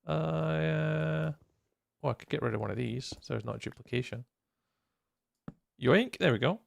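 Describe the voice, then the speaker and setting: A tired man chatting on a casual live stream, rambling along and greeting viewers by name. His voice is heavily gravelly with lots of vocal fry, and the sound is close and completely dry. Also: on the high side, a little slow, no echo. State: tired, yawning. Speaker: livestreamer and server host. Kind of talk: casual live-stream chat while building in a game.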